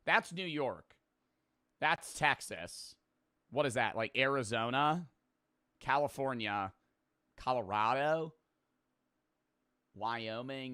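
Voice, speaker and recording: A young man in his twenties hosting a casual reaction commentary, blunt and profane with sudden loud mocking outbursts. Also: medium pitch, smooth, no room sound, clean studio sound. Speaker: host reacting to a video.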